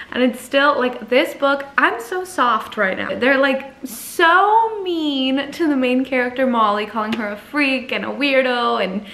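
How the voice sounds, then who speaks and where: A woman's voice: high voice, bright, forceful tone. A young woman in her twenties chatting casually in a reading vlog, emotional and laughing often. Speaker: book vlogger.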